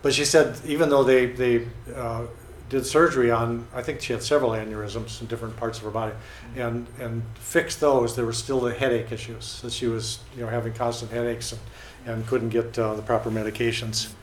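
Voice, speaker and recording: Speaking fairly quickly in a level tone, a man of medium pitch shares casual stories about people he has met, full of fillers and restarts. The recording has an echoey room sound and faint noise.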